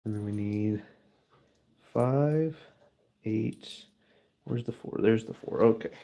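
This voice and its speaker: A man's voice: lowish voice, slow, gravelly, warm tone. A middle-aged man chatting casually to camera while stamping a silver bar, joking and talking to his dog as he works.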